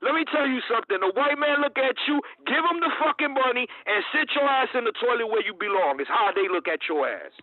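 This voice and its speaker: A man's voice: extremely high pitch, animated, fast talker, few pauses. A man on a call-in show, taunting another caller with vulgar insults. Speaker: call-in participant. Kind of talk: heated call-in argument. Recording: tinny phone line.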